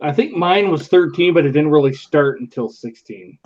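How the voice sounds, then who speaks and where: Male co-host with a husky voice, fairly high, dull lo-fi audio. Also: lively intonation, moderate pace, darkish tone. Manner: brief casual replies.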